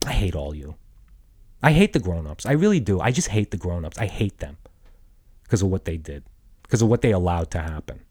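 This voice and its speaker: Thirties male podcast host, angry solo rant, profane, swings between shouts and low mutters. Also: big pitch swings, fairly quick, long pauses, husky. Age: 30s.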